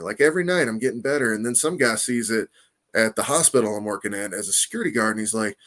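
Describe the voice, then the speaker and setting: A man telling a story in a casual interview, animated and profane, acting out quoted voices and laughing often. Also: mid-range voice, very fast. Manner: animated, profane, lots of "you know what I mean". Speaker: comic artist guest.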